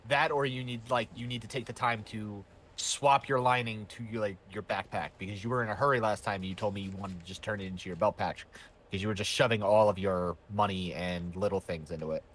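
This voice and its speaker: A man's voice: on the low side, steady tone, brisk, fairly bright tone, slight background noise. A man running a tabletop game as game master, narrating scenes and explaining rules at length.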